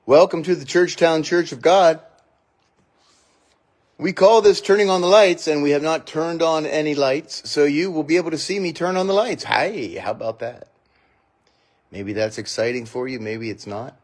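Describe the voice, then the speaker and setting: A middle-aged man, a pastor, talks casually to his congregation in a chatty, joking way. His speaking voice sits fairly high for a man. He is still getting over a cough. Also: moderate pace. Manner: chatty, joking, animated asides. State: recovering from a cough. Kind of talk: casual morning livestream chat.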